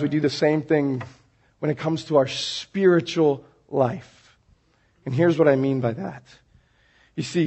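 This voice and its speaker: A man's voice: sits high, gravelly, slightly rough. A man preaching a sermon in a church sanctuary, telling everyday stories and acting out scenes as he goes. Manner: animated storytelling, acting out scenes. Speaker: pastor.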